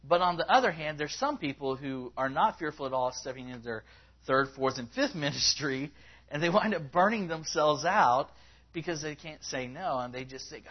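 A man preaching a conversational sermon to a congregation, acting out people's words in a higher voice as he quotes them. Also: lively intonation, normal speed. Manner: conversational, rising in pitch when acting out quotes. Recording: slightly dull, lo-fi recording.

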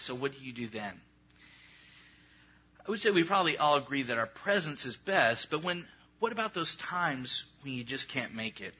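A man delivering a sermon, chatty and humorous, slipping into small acted-out scenes. His voice is a bit husky, and the recording sounds somewhat dull and lo-fi. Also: mid-range voice. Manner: conversational, joking, acts out little prayer scenes. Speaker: pastor.

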